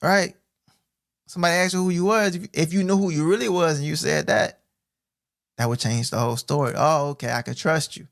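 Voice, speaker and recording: Male scripture teacher, fairly high and gravelly, casual streamed teaching with slow readings and slang asides. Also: no echo, clean studio sound. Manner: reads verses slowly, then explains in street slang; casual, repeats 'right?' and 'bro'. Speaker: Bible teacher.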